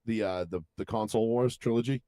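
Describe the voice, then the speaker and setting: A man's voice: on the low side, fast, dry recording. A man co-hosting a podcast, chatting casually with lots of fillers and swearing. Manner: animated, swears a lot, many fillers. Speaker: podcast co-host. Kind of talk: casual banter.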